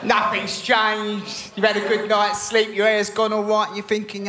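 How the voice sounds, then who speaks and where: A man's voice: high voice, monotone, measured pace, pushed and bright, reverberant, a little hiss or hum. A man with an East End London accent doing a cheeky stand-up set and acting out people as he goes. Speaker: guest stand-up comedian. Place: studio stage with a live audience.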